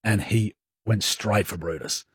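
Husky Australian man telling a story. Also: fairly low pitch, measured pace, no room sound, clean studio sound. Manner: animated anecdote, acts out his own angry lines. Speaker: radio host. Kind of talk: casual storytelling on breakfast radio.

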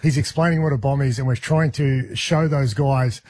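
An Australian man co-hosting a radio show, telling an animated story in casual banter. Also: mid-range voice, normal speed, breathy edge, no echo.

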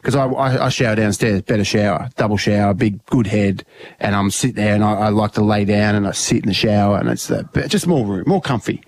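A man's voice: fairly low pitch, fairly quick, darkish tone. A middle-aged Australian man co-hosting breakfast radio, telling rambling stories and laughing at himself. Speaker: radio co-host.

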